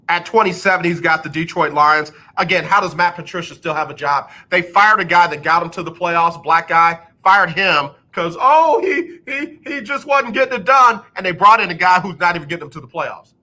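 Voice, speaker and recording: Bright-voiced sarcastic male sports host. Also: on the high side. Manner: sarcastic, repeats lines for comic effect. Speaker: radio show host. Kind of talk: casual sports talk. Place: radio studio.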